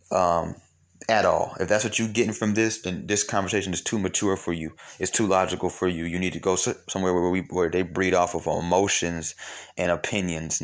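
A man giving a blunt, profane opinion monologue to his listeners, rambling and full of rhetorical questions. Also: on the low side. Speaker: commentator.

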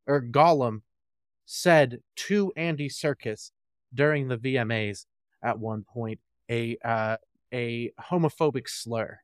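A man's voice: medium pitch, takes it slowly, clean tone, no room sound. A man co-hosting a podcast in casual chat, a joking, rambling storyteller on a close mic. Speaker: podcast co-host.

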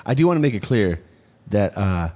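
With a crowd audible in the background, an American podcast co-host jokes in a lowish voice at a moderate pace, his pitch swinging widely. He lets loose with loud fits of mock indignation during the casual back-and-forth.

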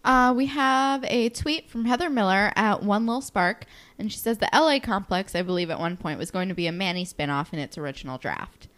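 A young woman co-hosting a podcast in casual chat, quick and laughing. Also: medium pitch, fairly bright tone. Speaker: podcast co-host.

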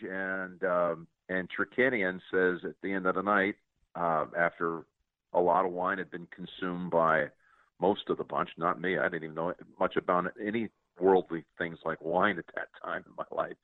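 Brief: broadcaster in his 60s, deep voice, halting storyteller, dry and close. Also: fairly even intonation, dry recording. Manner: earnest, halting with many restarts. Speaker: interview guest, sports broadcaster. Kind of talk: casual interview storytelling. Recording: tinny dry phone-like line.

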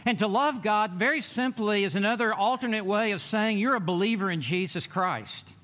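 A man preaching a sermon in a church, emphatic, with dramatic pauses and drawn-out words. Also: sits high, a bit bright. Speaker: pastor.

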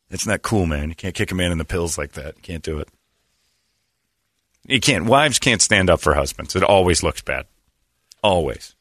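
Casting note: man from Indiana, low lively voice, bright edge, mocking sports host. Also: unhurried, pauses often, dry recording, studio quality. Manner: mocking, animated, acts out voices. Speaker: sports talk show host. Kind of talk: casual sports banter.

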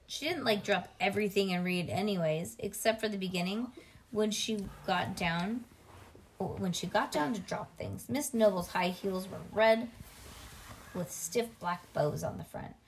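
Woman, reading a children's book aloud at home, vocal fry, slight hiss behind. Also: medium pitch. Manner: reads aloud with casual asides to a child.

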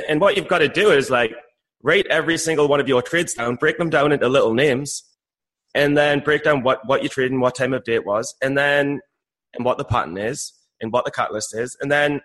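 A man's voice: fairly high pitch, brisk, fairly bright tone. A man co-hosting a podcast, chatting casually about trading in a rambling, jokey way and often repeating himself. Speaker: podcast co-host.

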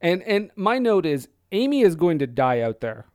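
Guy hosting a podcast, smooth clear voice, bit higher pitched, dry close sound. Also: very animated, normal speed, a little mellow, no room sound. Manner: jokey, laughs between lines. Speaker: podcast host. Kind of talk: casual chat.

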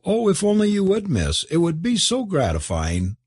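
A man's voice: high voice, wildly swooping pitch, moderate pace, darkish tone, husky, no echo, studio quality, pitched above the performer's own voice, heavily acted. A man voicing a flustered, anxious cook who is a man disguised as a woman, pleading and servile in manner. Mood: fretful.

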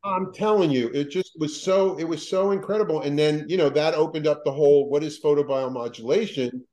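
A man, a psychologist, telling a story as a podcast guest in a lively way, quoting people and restarting his sentences. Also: a little high, a little fast, poor audio.

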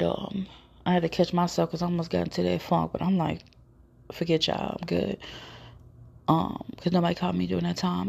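A woman's voice: lowish voice, vocal fry, darkish tone, husky. A woman hosting her own podcast, telling personal stories in a blunt, profane, casual monologue. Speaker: podcast host.

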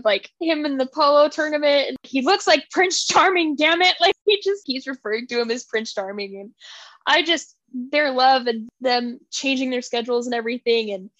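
High-voiced woman gushing over a book. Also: brisk, dry recording. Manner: animated, acts out characters' lines while retelling. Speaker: podcast co-host. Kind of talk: casual book chat.

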